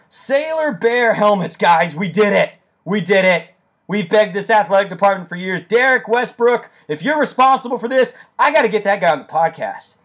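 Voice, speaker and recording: A young man hosting a casual sports podcast, enthusiastic and excitable, speaking close into his microphone and breaking into shouts. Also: sits high. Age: young adult. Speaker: podcast host.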